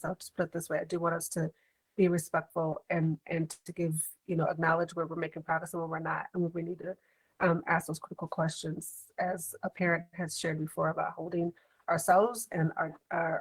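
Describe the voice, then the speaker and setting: Meeting chair, woman, low monotone, conciliatory and steady. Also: slightly rough, low-quality recording. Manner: measured, calming, conciliatory. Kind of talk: moderating a meeting.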